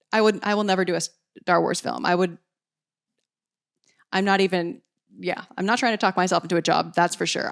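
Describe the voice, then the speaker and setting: A woman hosting a music podcast, talking through her views slowly and thoughtfully, with frequent restarts and careful qualifiers. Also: mid-range voice. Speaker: podcast host. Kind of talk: reflective solo commentary.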